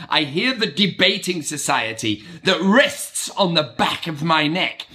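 A middle-aged man, giving an animated motivational monologue as a real estate agent and acting out his own inner voices. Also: fairly high pitch.

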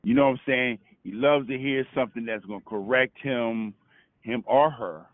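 Over a tinny, dry phone connection, a Brooklyn man calls in with a casual testimony full of stammered restarts and "you know what I'm saying." He speaks at a normal speed in a mid-range voice, with no echo.

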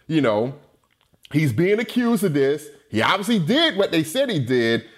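A man in casual film talk, animated and quick to laugh, acting out scenes as he goes. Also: on the high side. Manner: animated, laughing, says "you know what I'm saying".

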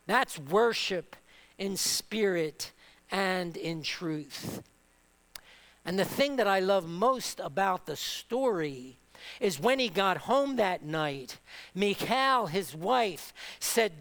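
A man's voice: high voice, expressive, takes it slowly, bright, forceful tone. A man preaching a sermon with passion, building through repeated phrases and rhetorical questions.

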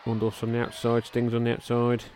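A man hosting a podcast, giving casual, excitable play-by-play over old wrestling footage, with frequent exclamations and thinking aloud as he goes. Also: mid-range voice, fairly quick, a little hiss or hum. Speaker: podcast host.

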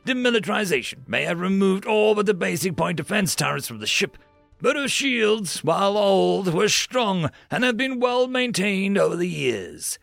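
A man with a high-pitched, gravelly voice reads a science fiction story at a steady, measured pace. Faint music plays softly underneath his narration. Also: no room sound. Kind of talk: scripted sci-fi story narration.

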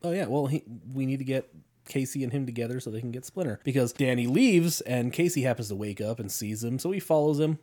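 A man co-hosting a casual podcast chat, recapping a movie with swearing, laughter and quick acted-out lines. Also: medium pitch, dark tone. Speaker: podcast co-host.

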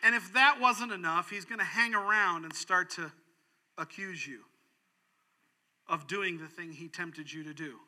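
High-voiced, forceful male preacher. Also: a little slow. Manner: animated, swings from loud to hushed. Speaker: pastor. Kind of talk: sermon.

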